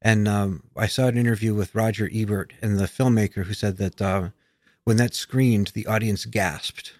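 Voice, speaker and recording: A man's voice: fairly low pitch, fairly even intonation, normal speed, darkish tone, dry recording. A man from the United States, a musician guest in a casual interview, talking with many fillers and restarts.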